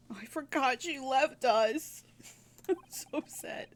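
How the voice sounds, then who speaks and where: A woman's voice: sits high, slow pace, slight background noise. A woman streamer casually chatting and giggling while playing through a game, thinking aloud as she goes.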